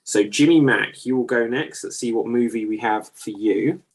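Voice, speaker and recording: A man hosting an improv show, announcing in a measured way and drawing out his cues. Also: medium pitch. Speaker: host.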